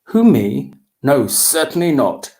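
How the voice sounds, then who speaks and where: A man voicing a small squeaky mouse in a children's storybook reading. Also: very animated, slow, mellow. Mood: coy. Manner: squeaky, denying.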